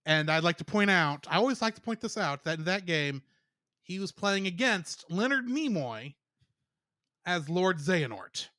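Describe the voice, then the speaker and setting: A chatty male podcast co-host with a high, bright voice that rises and falls a lot. He laughs easily as he reels off trivia, and the sound is dry and close to the mic. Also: big pitch swings, normal speed, no echo. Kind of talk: casual podcast chat.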